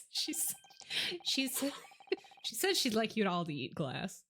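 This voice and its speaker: A woman's voice: medium pitch, huge pitch swings, slow pace, a bit bright, a little hiss or hum. A woman streamer chatting casually over a game in a playful, crude, giggly way. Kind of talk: casual gameplay chat.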